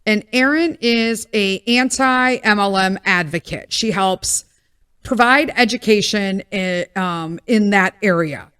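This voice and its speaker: A woman's voice: medium pitch, takes it slowly, a bit bright, clean tone. A middle-aged woman hosting her own podcast, chatting candidly, laughing at herself and swearing freely, her voice still recovering with a cough. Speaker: podcast host. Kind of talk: casual solo chat.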